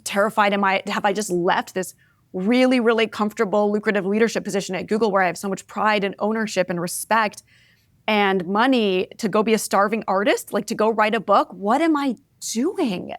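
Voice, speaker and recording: A woman in her forties, an interview guest, telling candid personal stories in an expressive, reflective way, often adding "like" and "right?". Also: mid-range voice, a little fast, dry recording, studio quality. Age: 40s. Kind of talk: candid conversational storytelling.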